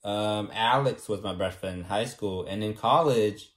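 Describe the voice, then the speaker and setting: In an unhurried, fairly low voice, a young California man rambles casually to the camera as a vlogger. He sounds self-assured and often ends his points with "right?".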